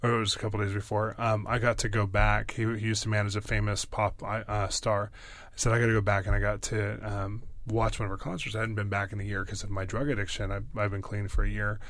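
A pastor being interviewed, telling stories in an excitable way with many fillers and quick bursts. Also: male voice, on the low side, no echo. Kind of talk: animated storytelling.

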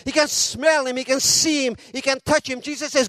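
High-voiced man preaching a sermon. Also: sharp tone, no room sound. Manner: storytelling, dramatic pauses, retells quotes with feeling.

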